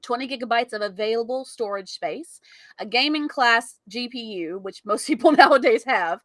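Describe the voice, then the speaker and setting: A woman with a somewhat high voice chats on a gaming podcast, laughing easily between lines. The sound is close and dry, with no room around it. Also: moderate pace, no room sound. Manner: giggly, laughs often. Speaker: podcast co-host. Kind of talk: casual chat reading news.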